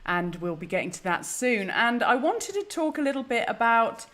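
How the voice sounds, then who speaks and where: A woman's voice: on the high side, very animated, normal speed, a bit bright. A woman hosting a live stream, chatty, flustered and self-deprecating. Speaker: host. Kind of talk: casual live-stream chat.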